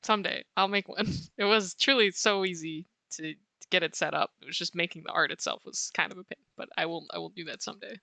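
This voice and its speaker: A woman chatting casually with viewers while she sketches on a livestream, answering chat warmly and laughing often. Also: fairly low pitch, a little fast, gravelly, hardly any pauses, dry recording. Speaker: art streamer.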